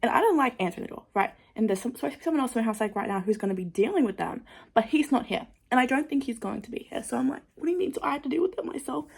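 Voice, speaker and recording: A young woman talks straight to her camera in a loose, rambling vlog chat. She tells everyday stories with lively, animated energy and peppers nearly every phrase with "like.". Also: fairly high pitch, rapid-fire, creaky, husky. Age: young adult. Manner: rambling, full of "like" fillers, animated storytelling. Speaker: vlogger.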